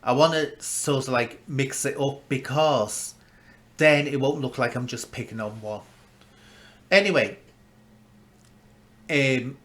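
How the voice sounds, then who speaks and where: A man commenting on an online feud in a casual, gossipy way, shifting between loud outbursts and hushed asides. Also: mid-range voice.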